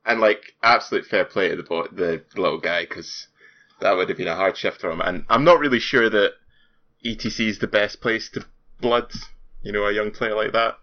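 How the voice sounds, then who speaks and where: A man, co-hosting a casual podcast chat with relaxed, dry remarks. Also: lowish voice, normal speed. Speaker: podcast co-host. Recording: dull lo-fi sound.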